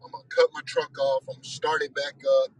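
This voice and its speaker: A man's voice: fairly high pitch, flat delivery, fast talker, slightly rough, low-quality recording. A man hosting a weekly discussion, telling a story in a casual monologue with exasperated, profane and self-reflective talk.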